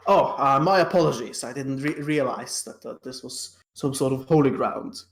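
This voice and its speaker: Brief: jittery, polite adventurer, played by a player, hesitant, roomy echo. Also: male voice, mid-range voice, normal speed, creaky, close to an everyday voice. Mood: nervous. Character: nervous adventurer in plate armor, polite, bluffing.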